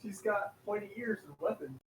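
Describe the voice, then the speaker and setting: Lively high-voiced man at a game table. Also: normal speed, slight background noise. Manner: chatty, laughing, rules-minded. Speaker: player. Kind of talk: casual tabletop play.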